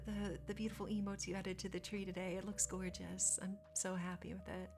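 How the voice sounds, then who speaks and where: A young woman with a lowish voice and a gravelly edge, chatting casually with her live chat. She talks easily and turns squeamish at gross topics, with faint music in the background. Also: flat delivery, a little fast, few pauses. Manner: chatty, reads and answers chat, squeamish asides. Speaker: streamer.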